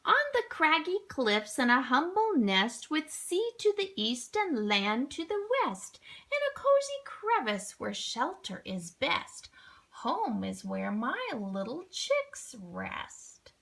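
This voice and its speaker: A woman voicing a fussy mother kelp gull who squawks loudly between her words. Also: sits high, very animated, slow pace, vocal fry, full character voice.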